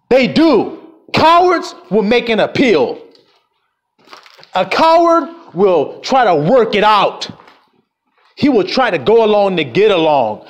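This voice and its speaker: A man delivering a fiery, profane sermon, swinging from low mutters to shouts. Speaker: self-styled preacher. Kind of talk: fiery street-style sermon.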